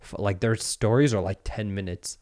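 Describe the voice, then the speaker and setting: Low-voiced man telling a story animatedly. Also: moderate pace, a little mellow, dry recording, clean studio sound. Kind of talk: casual chat, storytelling.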